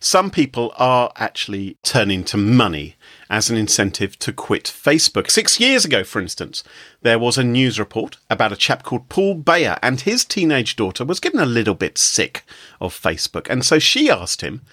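A man's voice: medium pitch, normal speed, no echo, studio quality. Jokey British man hosting a podcast. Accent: British English. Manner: jokey, lively storyteller. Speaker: podcast host. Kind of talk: casual chat.

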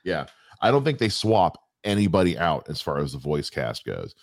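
A man's voice: rumbling low, sing-song, normal speed, no echo, clean studio sound. A young adult man co-hosting a podcast, chatting casually with a wry, rambling manner and many restarts. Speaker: podcast co-host. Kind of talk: casual chat.

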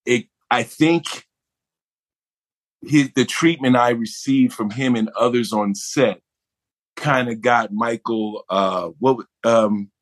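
Male guest actor, middle-aged, from Buffalo; lively anecdotal storyteller who slips into impressions. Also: medium pitch, slow. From Buffalo, New York. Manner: animated, acts out others' voices in anecdotes. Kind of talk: conversational storytelling.

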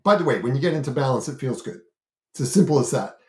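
A man talks through an idea in an earnest, explanatory way, often stopping and restarting with "you know" fillers as he thinks aloud. His voice sits at a middling pitch. The room gives it a noticeable echo. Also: lively intonation, fast, a little mellow. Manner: emphatic, gesturing with his hands while explaining. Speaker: parenting and self-regulation educator. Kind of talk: explanatory talk-show discussion.

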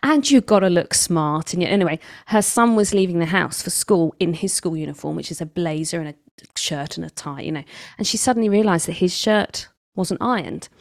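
A middle-aged woman from England, an author telling stories in a conversational interview, lively and quoting others with big pitch jumps. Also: brisk, creaky, dry recording, studio quality. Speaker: author and guest.

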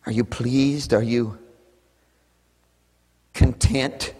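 Male preacher, fervent rhythmic pleading, hushed to shouted, recorded in a reverberant hall. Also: mid-range voice, fairly even intonation, drawn-out words, husky. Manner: impassioned pleading prayer, swinging from hushed to shouted; repetitive, rhythmic calls. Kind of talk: sermon. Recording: echoey hall with long reverb.

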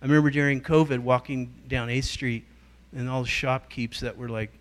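A middle-aged man, a guest church leader, giving a teaching talk and telling stories in an animated way, acting out the voices of people he quotes. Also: mid-range voice, normal speed.

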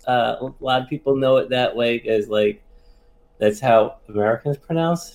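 A man in his forties answering interview questions in a relaxed way, full of "uh" and "like". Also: mid-range voice, moderate pace, low-quality recording. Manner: relaxed, many fillers like "uh" and "like". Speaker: guest, military veteran.

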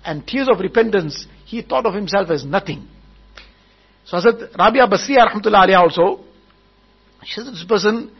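High, gravelly male preacher telling stories. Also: muffled recording. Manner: repetitive, retells each point several times. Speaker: preacher at a wedding gathering. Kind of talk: storytelling sermon.

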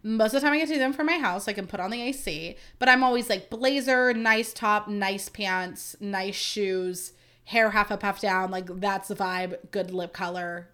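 A woman's voice: medium pitch, normal speed, fairly bright tone. Chatty woman telling a story. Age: 30s. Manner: chatty, full of "like" and asides to listeners. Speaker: podcast host. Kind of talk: casual storytelling.

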